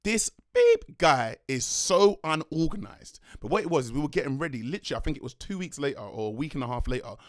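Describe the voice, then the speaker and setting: A young man, a dance crew leader telling a rambling, excitable story in a vlog. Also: medium pitch, rapid-fire, hardly any pauses, no echo, clean studio sound. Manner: rambling, excitable, slangy, self-correcting.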